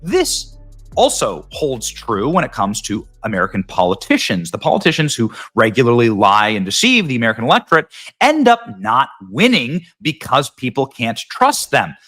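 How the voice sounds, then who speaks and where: A man's voice: medium pitch, big pitch swings, moderate pace, sharp tone, faint music behind. A man hosting casual political commentary, sarcastic and mocking, sometimes mimicking voices.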